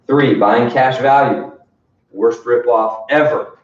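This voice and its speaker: A man's voice: medium pitch, expressive, normal speed, a little mellow. A man leading a sales training session in an emphatic coaching manner, often checking in with "right?". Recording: distant, echoey room, dull sound.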